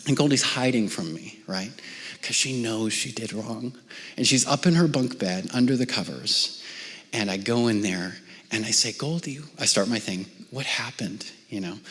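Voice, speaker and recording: A middle-aged man preaches a conversational sermon at a medium pitch, talking to his church as if chatting with friends. He often drops his voice to a soft near-whisper. His words ring out with a long reverb that fills the hall. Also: a little slow. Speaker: pastor. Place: church auditorium.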